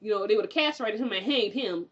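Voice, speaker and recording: A young woman recapping a TV episode in a chatty, animated way, with lots of fillers and frequent laughter. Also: medium pitch, fast talker, highs cut off. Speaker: TV recap reviewer.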